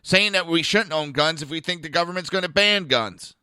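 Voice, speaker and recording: A man's voice: on the high side, fairly quick, sharp tone, smooth, no echo, clean studio sound. A middle-aged man hosting a podcast, ranting bluntly with profanity and mocking asides. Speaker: podcast host. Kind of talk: ranting political commentary.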